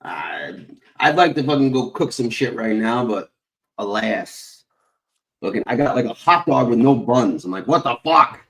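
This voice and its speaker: A man's voice: mid-range voice, expressive, a little slow, gravelly. A man hosting a casual chat stream, rambling and profane with lots of fillers.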